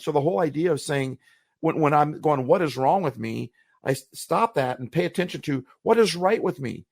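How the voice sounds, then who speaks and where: Earnest gravelly-voiced man reflecting. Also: a little high, lively intonation, normal speed, a little mellow, dry recording, studio quality. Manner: earnest, reflective, repeats phrases when searching for words. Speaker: podcast co-host. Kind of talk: motivational podcast talk.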